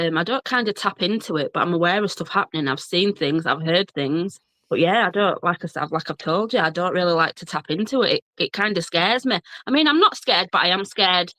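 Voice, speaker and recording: Her voice is on the low side with a sharp tone, recorded with no room sound. She's a woman in her thirties from Bradford, England, speaking in a broad Yorkshire accent, a blogger and journalist guesting in a casual chat, laughing often and telling ghost stories from when she was a child.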